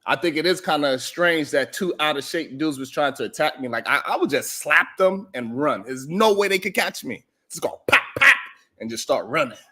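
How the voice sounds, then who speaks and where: High-voiced joking male stream host. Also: expressive, moderate pace, pushed and bright. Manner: joking, boastful, laughs often. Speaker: livestream show host. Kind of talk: casual livestream monologue.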